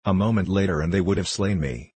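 A man's voice: sits low, fairly quick, darkish tone, slightly rough, no room sound. Man doing a shaken, polite young clerk.

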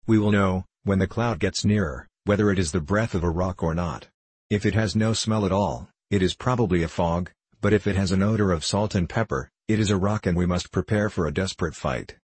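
A man voicing a brave, polite young soldier in a storybook, speaking calmly and firmly. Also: deep voice, brisk, husky, no echo. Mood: earnest. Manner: calm, firm and courteous.

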